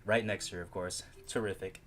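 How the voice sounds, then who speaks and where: A man reading a visual novel game aloud, with giggly, excitable asides and frequent laughter. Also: sits low, fairly quick, faint music behind.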